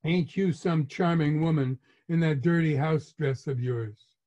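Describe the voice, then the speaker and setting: A man's voice: fairly high pitch, measured pace, warm tone. An older man voicing a stingy, irritated father who snaps scornfully. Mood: snapping. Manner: snapping. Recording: muffled lo-fi recording.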